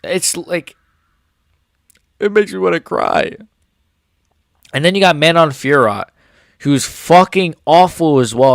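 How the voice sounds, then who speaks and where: A young man rants about fights in a profane, heated reaction, his voice sitting a little high for a man. He swings from grumbling into sudden shouts. The sound is dry and close to the mic. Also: no echo. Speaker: MMA commentary YouTuber.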